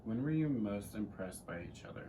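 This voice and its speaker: A man's voice: on the low side, lively intonation, moderate pace, far from the mic, heavy background noise. A teenage man co-hosting a casual Q&A chat, rambling and joking with some swearing. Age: teens. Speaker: co-host.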